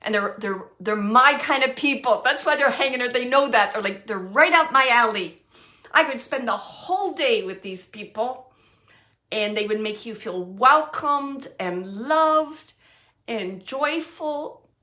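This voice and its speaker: Woman medium doing a reading, slow and bright, emotional, laughs a lot, goes quiet and hushed sometimes. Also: fairly high pitch, expressive. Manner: earnest, emotional, laughs often, soft and hushed at times. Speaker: psychic medium. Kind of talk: live spirit reading for a sitter.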